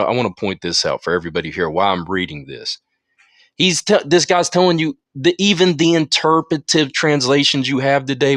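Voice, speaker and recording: A man with a mid-range, fairly bright voice leads a Bible study, reading passages aloud and breaking off into emphatic asides to his listeners. He is on a phone in an audio chat room, yet the sound is clean and studio-like with no room sound.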